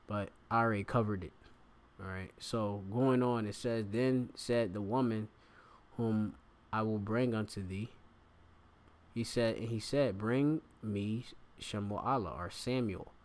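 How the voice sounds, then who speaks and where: Casting note: man with a lowish voice, relaxed bible teacher, reads verses then chats through them. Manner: reads scripture aloud, pausing to explain words with frequent fillers. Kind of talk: informal scripture lesson.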